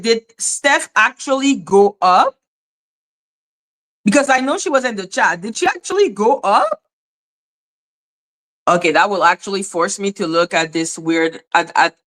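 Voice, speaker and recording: A woman's voice: on the low side, fairly bright tone. A woman hosting a casual livestream, chatting loosely, exclaiming and greeting viewers by name. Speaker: livestream commentary host.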